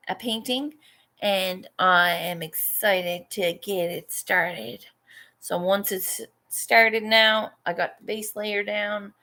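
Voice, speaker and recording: A woman's voice: medium pitch, fairly bright tone. A Canadian woman artist vlogging casually, venting and swearing freely as she chats about her day. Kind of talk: casual chat.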